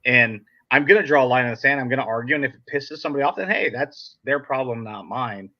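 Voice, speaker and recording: A man's voice: medium pitch, fast talker. A man hosting a casual podcast chat, talking in a blunt, direct, sarcastic way. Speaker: podcast host. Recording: dull lo-fi sound.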